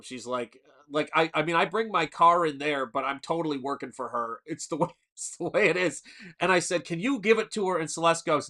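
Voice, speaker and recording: A man's voice: on the high side, a little fast, pushed and bright. A man hosting a casual livestream chat, telling long stories with frequent restarts and laughs. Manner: rambling storyteller, restarts and laughs. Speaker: livestream host.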